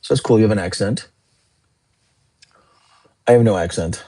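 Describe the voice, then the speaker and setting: Chatty man, husky and mellow. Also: fairly low pitch, moderate pace. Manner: rambling, chatty, answers viewer questions. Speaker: livestream host. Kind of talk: casual live chat reading comments.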